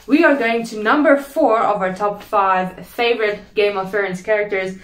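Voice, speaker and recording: A woman's voice: mid-range voice, normal speed, slight background noise. Woman, host, playful chatter, roomy echo. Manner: playful, chatty, often adds "okay?". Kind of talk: casual chat. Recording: echoey room.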